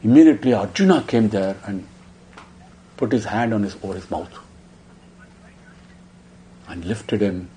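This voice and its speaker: A man telling a sacred story in a devotional discourse, emotive, dropping hushed then rising. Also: fairly low pitch, slight background noise. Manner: emotive, swinging between hushed and raised. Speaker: spiritual discourse speaker.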